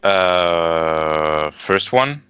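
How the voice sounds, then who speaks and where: Male beginner student, very low voice, slow, short replies and hesitant guesses, video-call lesson. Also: animated, sharp tone, smooth, no echo. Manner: brief, agreeable replies and tentative guesses. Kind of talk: online language lesson.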